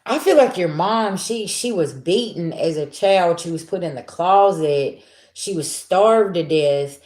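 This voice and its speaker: A woman's voice: lowish voice, expressive, unhurried, darkish tone. A woman giving a live spiritual reading as a psychic, talking in a blunt, emphatic, slangy way. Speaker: psychic reader. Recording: roomy echo.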